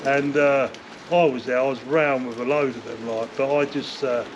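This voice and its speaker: An older man, telling rough stories from his past in a rambling interview, swearing often and filling gaps with "like, you know.". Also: medium pitch, steady tone, moderate pace. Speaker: interview guest, former bare-knuckle fighter. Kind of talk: casual storytelling interview. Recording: dull lo-fi sound with faint noise.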